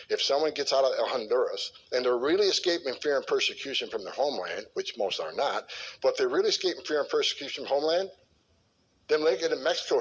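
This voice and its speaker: A middle-aged man, a former border official, speaking bluntly and forcefully with frequent stumbles and repeated words. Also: medium pitch, slight background noise, low-quality recording. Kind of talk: clip of a talk or interview.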